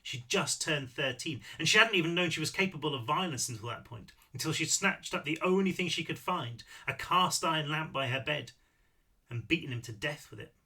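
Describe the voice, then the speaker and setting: A man reads his own novel aloud with lively, animated delivery and now and then breaks off for a casual aside. His voice is a little higher than most men's, with a very bright, sharp tone. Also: a little fast, slightly rough. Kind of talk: audiobook read-through with asides.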